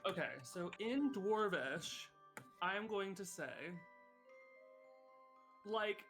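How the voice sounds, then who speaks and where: A man playing in a tabletop role-playing game, explaining his moves quickly and eagerly. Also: high voice, over music. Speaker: player.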